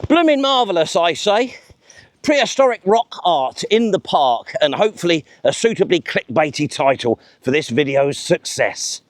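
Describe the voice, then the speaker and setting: A man with a fairly high, very animated voice, presenting a vlog outdoors in a park. He is chatty, enthusiastic and pokes fun at himself. The sound is dry and close, with little reflection. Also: moderate pace, hardly any pauses, dry recording. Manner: chatty, enthusiastic and self-mocking. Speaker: vlog host. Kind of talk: presenting to camera.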